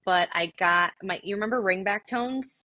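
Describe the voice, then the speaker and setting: A woman's voice: mid-range voice, moderate pace, sharp tone, dry recording, muffled recording. A young adult woman telling her story as an interview guest in a casual, chatty way, full of likes and ums. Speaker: interview guest, army veteran.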